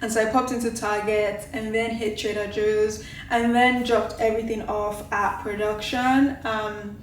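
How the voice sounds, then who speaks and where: A woman's voice: on the high side, little pitch movement, unhurried, far from the mic, slight background noise. A woman in her late twenties talking casually to her camera at home, rambling with lots of filler words. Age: late 20s. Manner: rambling, filler-heavy, many "like"s. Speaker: vlogger. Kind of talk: casual vlog chat to camera. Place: home kitchen, indoors. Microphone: camera mic. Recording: roomy echoey room.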